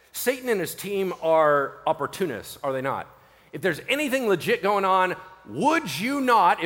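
A man preaching a sermon as pastor, animated and conversational, often acting out what people say. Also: fairly high pitch, big-room sound. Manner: animated, conversational, acts out quoted voices.

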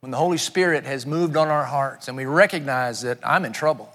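A man's voice: mid-range voice, brisk, fairly bright tone, long reverb tail. A man preaching a sermon, earnest and often repeating words as he searches for his phrasing. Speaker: guest preacher.

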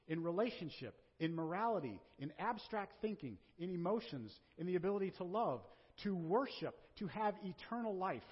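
Lively conversational preaching man in a hall. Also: sits high, husky. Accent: Southern American. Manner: conversational preaching with rhetorical questions. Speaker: pastor. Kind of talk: sermon. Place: church sanctuary. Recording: dull sound with long hall reverb.

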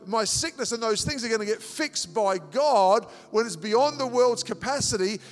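High-voiced man preaching in a hall. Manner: animated, repeats words, acts out dialogues. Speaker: pastor. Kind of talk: sermon. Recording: long hall reverb with music behind.

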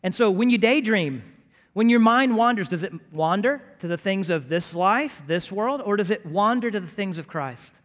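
A pastor preaching a sermon to his congregation, emphatic and rising to loud, pleading bursts. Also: high voice, animated, normal speed, in a large hall.

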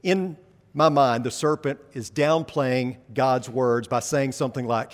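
A man's voice: fairly high pitch, animated, moderate pace, big-room sound. A man preaching a sermon in a conversational way, asking the congregation rhetorical questions as he reads scripture. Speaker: pastor.

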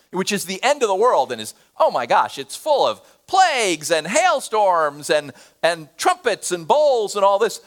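A man preaching a sermon, swinging between loud emphatic lines and hushed, dramatic ones. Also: high-pitched. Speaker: pastor.

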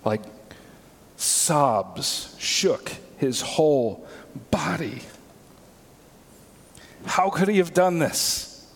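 A man with a somewhat high voice delivers a sermon in a church sanctuary. His delivery is dramatic, sinking to hushed, slowed lines and climbing to emphatic, raised ones. A long hall reverb trails behind every phrase. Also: expressive. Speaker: pastor.

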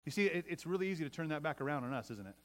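Racing along in an expressive, fairly bright voice on the high side, this middle-aged pastor preaches as if chatting. He repeatedly restarts phrases and asks the crowd "right?"

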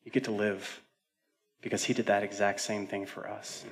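A male pastor preaching a sermon, moving between loud urgent declarations and hushed near-whispered storytelling, with casual fillers and self-deprecating humor. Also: lowish voice, flat delivery, normal speed. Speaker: senior pastor.

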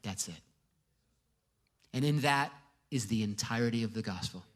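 A man's voice: mid-range voice, a little fast, a bit bright. A male pastor giving a sermon to a congregation, conversational with joking asides. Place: church before a congregation.

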